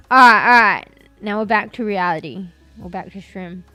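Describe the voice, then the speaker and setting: A woman's voice: mid-range voice, bright, forceful tone, dry recording. A woman streaming from a room at home, chatting casually and rambling with lots of fillers. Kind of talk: casual chat.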